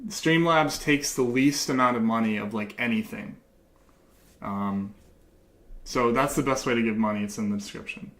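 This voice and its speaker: A man chatting to his viewers on a livestream, with a voice of ordinary, middle pitch. He talks in a loose, rambling way, full of fillers and false starts, and his tone is dry and sarcastic. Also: normal speed, fairly bright tone. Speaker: leftist YouTuber streamer. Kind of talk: casual livestream commentary.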